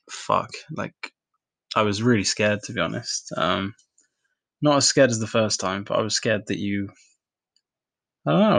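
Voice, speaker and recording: A man's voice: fairly low pitch, vocal fry, a bit bright, no room sound. A young adult man tells a personal story to his partner in casual podcast talk, rambling and hesitant, with many fillers, restarts and swearing.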